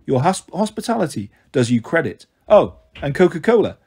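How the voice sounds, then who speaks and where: A man's voice: fairly high pitch, sing-song, moderate pace, darkish tone, breathy edge, heavily acted. A man doing a sly, easygoing god. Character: relaxed, sly male messenger god in his forties.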